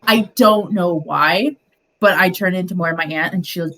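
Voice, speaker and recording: A woman's voice: on the low side, unhurried, fairly bright tone. A woman co-hosting a casual chat stream, rambling and giggling, often trailing off mid-sentence. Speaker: co-host.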